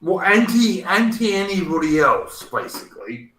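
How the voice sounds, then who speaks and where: A man's voice: sits high, big pitch swings, normal speed, fairly bright tone, a little hiss or hum. Roomy, distant middle-aged man ranting. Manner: emphatic, ranting. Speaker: stream host. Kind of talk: casual political chat.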